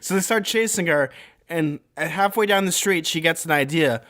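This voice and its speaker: A man's voice: fairly high pitch, moderate pace, fairly bright tone. A young man co-hosting a podcast, retelling a story in a rambling, jokey casual chat. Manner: rambling, jokey, many fillers. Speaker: podcast co-host.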